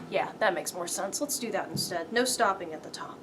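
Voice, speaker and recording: Here the piano teacher's medium-pitched voice has a sing-song quality, moving briskly with hardly a pause. She still guides the lesson patiently, counting aloud and calling rhythms as the piano sounds loudly underneath.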